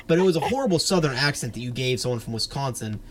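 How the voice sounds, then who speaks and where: A man with a middle-pitched voice, co-hosting a casual podcast. He jokes wryly, teases his co-host, and laughs easily as they talk. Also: lively intonation, quick pace, a loud crowd. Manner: wry, joking, laughs easily. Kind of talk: casual chat.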